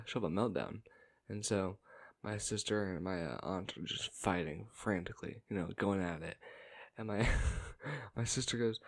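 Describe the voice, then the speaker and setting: A man casually telling a family story, rambling and halting, with fillers and swearing. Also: fairly low pitch. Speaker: storytime vlogger.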